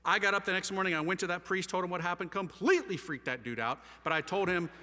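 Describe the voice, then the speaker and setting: Man with a fairly high voice, passionate testimony speaker, slangy and animated, reverberant hall. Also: fast, few pauses. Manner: animated, slangy storytelling with wide swings of loudness. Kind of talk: impassioned testimony talk to a live audience.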